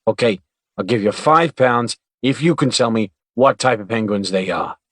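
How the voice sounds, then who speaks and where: Male narrator doing a towering gentle bruiser, playful. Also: lowish voice, lively intonation, normal speed, dry recording, studio quality. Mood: amiable, teasing. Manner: friendly, playful questioning. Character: big battered gentle man, deep-voiced, amiable.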